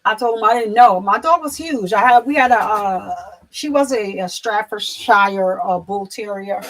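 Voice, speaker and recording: Woman rambling on a livestream, lots of ums and restarts, kinda high voice. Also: poor audio. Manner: rambling, with many fillers and restarts; soft and emotional when talking of loss. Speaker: livestream host. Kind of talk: casual livestream chat.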